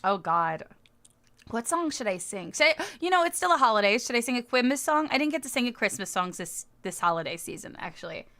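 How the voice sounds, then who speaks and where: A woman's voice: fairly high pitch, very animated, brisk, bright, forceful tone. A woman livestreamer in casual chat who giggles often and answers her viewers' comments as she goes.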